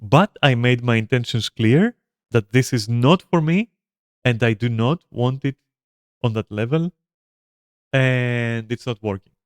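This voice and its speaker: A man streaming a game, telling a story casually, animated and profane, with lots of fillers and restarts. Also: mid-range voice, a little slow, pauses often, clear, resonant tone, dry recording. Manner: animated, profane, frequent fillers and self-interruptions; chats to viewers and a pet between stories.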